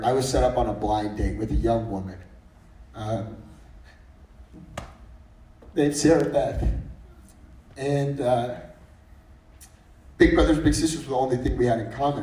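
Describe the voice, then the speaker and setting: A man's voice: mid-range voice, a little mellow. Man telling stories in a roomy hall. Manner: anecdotal and humorous, with frequent restarts. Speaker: guest speaker. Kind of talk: faith-based storytelling speech. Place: breakfast meeting room. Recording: roomy sound from far off.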